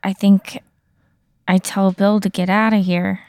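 A woman taking part as a player in a tabletop game, answering in a dry, deadpan, casual way. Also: mid-range voice, measured pace, smooth, no room sound. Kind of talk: casual role-play answers.

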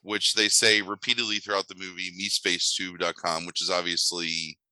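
A man's voice: low voice, level tone, normal speed, bright, forceful tone, no echo, low-quality recording. A man co-hosting a casual movie podcast, talking in a dry, sardonic way with frequent ums. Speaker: podcast co-host.

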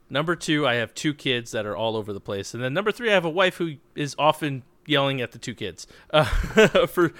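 A man's voice: mid-range voice, fairly bright tone, no echo. A man in his thirties, a podcast co-host chatting casually, rambling and self-deprecating with frequent laughs. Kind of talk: casual chat.

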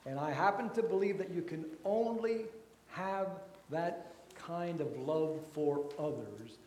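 A man preaching a sermon as pastor, slow and deliberate, his voice rising for emphasis and then dropping soft. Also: fairly high pitch, echoey room, a little hiss or hum.

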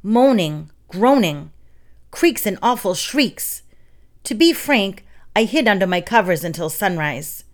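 A woman's voice: fairly low pitch, big pitch swings, moderate pace. A woman voicing a frightened, flustered male baker who stammers and breathes hard. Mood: fretful.

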